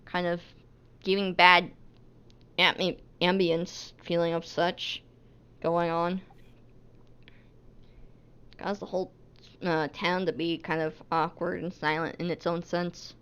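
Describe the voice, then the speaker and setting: A woman playing a character in a tabletop game, speaking in a hesitant, halting casual way. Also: on the low side, flat delivery, a bit bright, smooth. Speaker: player.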